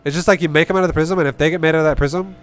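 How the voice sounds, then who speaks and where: A man's voice: fairly high pitch, steady tone, rapid-fire. A young man giving blunt, profane, rambling coaching on a game. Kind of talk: casual game coaching commentary.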